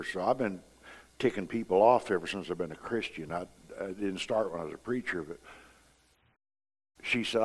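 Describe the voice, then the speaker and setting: A middle-aged man preaching a sermon to his church. He talks conversationally, dropping low and quiet, then rising to loud emphatic preaching. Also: long reverb tail.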